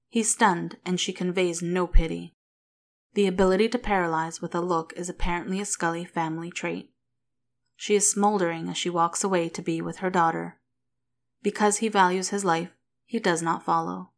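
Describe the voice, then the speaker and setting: A woman reading a story aloud in a calm, steady narrator's voice. Her pitch sits slightly low and her delivery stays even and unhurried. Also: gravelly. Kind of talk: reading fan fiction aloud.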